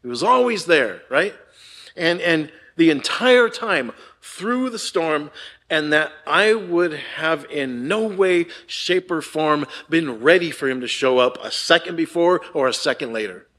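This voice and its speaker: An older man preaching a conversational sermon, asking the congregation "right?" often and moving between hushed and emphatic delivery. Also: fairly high pitch, lively intonation, a little slow. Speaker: pastor.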